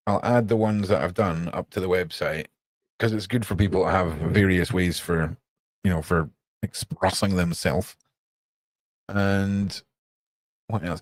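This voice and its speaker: A man's voice: sits low, no room sound. A man chatting casually on a live stream, muttering to himself as he works and tossing off playful asides.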